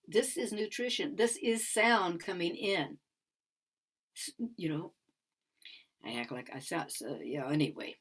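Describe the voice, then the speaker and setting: This older woman's low, breathy voice moves a little slowly, with long pauses, as she muses through a conference talk on sound healing. Phrases recur, and at times she drops to a whisper.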